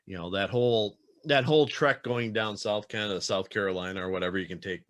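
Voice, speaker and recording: This podcast host, a man from South Dakota, talks fast in a fairly low, fairly bright voice. His casual interview chat is loose and rambling, and he keeps slipping into playful voices.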